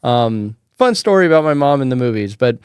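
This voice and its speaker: A man's voice: mid-range voice, a little fast, clear, resonant tone, dry recording, clean studio sound. A man hosting a podcast, telling stories casually and acting out the people in them, with some swearing. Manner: animated, acts out quotes, casual swearing. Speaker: podcast host. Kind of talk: casual storytelling chat.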